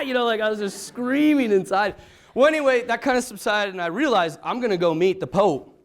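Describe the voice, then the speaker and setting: Animated storytelling priest, a man. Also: extremely high pitch, a little fast. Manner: lively, dramatic swings from hushed to excited, laughs often. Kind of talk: animated storytelling talk to an audience.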